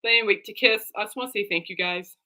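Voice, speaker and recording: A woman's voice: mid-range voice, fast talker, bright, forceful tone. A woman talking casually to her camera as a vlogger and fan, rambling and heartfelt, turning aside to talk to her dog.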